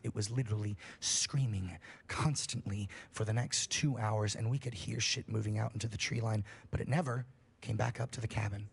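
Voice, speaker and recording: A man's voice: fairly low pitch, creaky, slightly rough. A man on a livestream telling a scary story in a casual, profane way, building suspense. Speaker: streamer.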